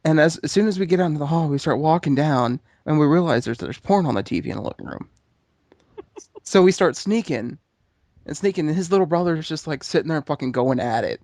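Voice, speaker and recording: Brief: man, fairly high voice, animated crude storytelling, dry close sound. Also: a little fast, no echo. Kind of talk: casual comedy podcast chat.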